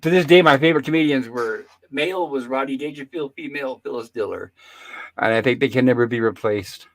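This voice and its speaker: A man's voice: medium pitch, a little fast, fairly bright tone, poor audio. An older man hosting a casual chat, telling stories and stating blunt opinions in a rambling way. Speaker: host.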